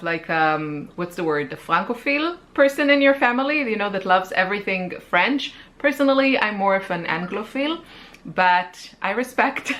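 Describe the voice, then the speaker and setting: A woman's voice: mid-range voice, pushed and bright. A woman hosting her art channel, chatting casually and self-deprecatingly about gift shops for artists, laughing often. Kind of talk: casual chat.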